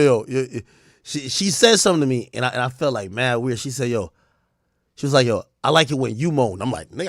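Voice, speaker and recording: A man streaming casual comedic commentary, profane and animated, breaking into loud shouted outbursts. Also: medium pitch, dry recording, studio quality.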